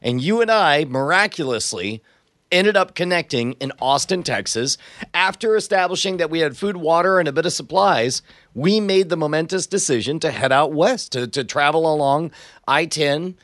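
A male podcast co-host chatting loosely and comedically, his pitch rising and falling with lively swings. He laughs readily, trips over his own phrasing, and speaks in a slightly higher register. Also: normal speed, no room sound, studio quality. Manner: animated, laughs often, self-interrupting. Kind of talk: casual comedic chat.

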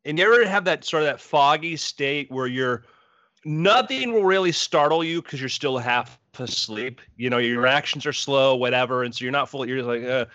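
A man telling a story in casual chat, animated and acting out the voices he quotes. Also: medium pitch, moderate pace, no echo. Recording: dull, dry lo-fi sound.

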